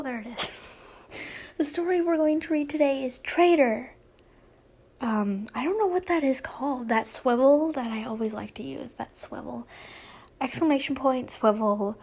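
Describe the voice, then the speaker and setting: A woman's voice: high voice, a little mellow. A young woman casually reading fan fiction aloud, giggling and breaking off into chatty asides. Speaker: fanfiction reader and channel host.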